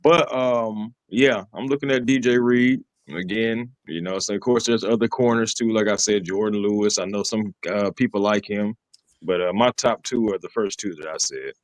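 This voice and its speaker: A man co-hosting a casual sports talk show who lays out his views steadily and backs others up with quick affirmations. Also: lowish voice, no room sound. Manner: steady, lists players, frequent affirmations. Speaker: sports podcast co-host.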